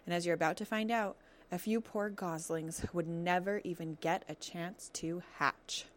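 A woman reading a children's novel aloud as narrator, telling the story in a steady, expressive way. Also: on the low side, normal speed, slight background noise.

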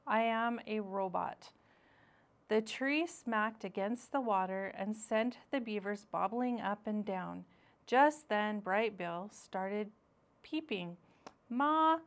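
A woman narrating a children's audiobook, reading clearly. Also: medium pitch.

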